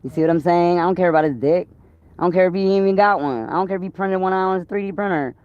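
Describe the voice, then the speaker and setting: Philly woman talking loud and crude on a livestream, from inside a car. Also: fairly low pitch, fast, no room sound, dull audio. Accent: Philadelphia. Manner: blunt, profane, animated. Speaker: livestream host. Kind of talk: casual livestream chat.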